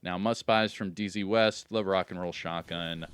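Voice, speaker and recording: Low, smooth-voiced man narrating gameplay. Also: steady tone, fairly bright tone. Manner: upbeat, hyped about loot, lists items quickly. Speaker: gaming video host. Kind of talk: casual game commentary.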